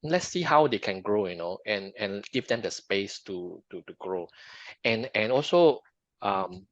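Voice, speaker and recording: Man, podcast co-host, casual book talk, halting, repeats words, muffled lo-fi sound. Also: fairly low pitch, lively intonation, no echo. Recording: dull lo-fi dry sound.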